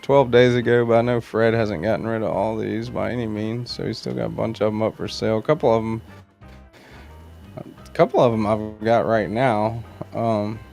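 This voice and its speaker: A man's voice: fairly low pitch, steady tone, normal speed, vocal fry, a little mellow, soft background music. A man hosting a casual livestream, rambling in a laid-back way and greeting viewers by name. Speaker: knife channel livestream host. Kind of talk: casual livestream chat reading viewer comments.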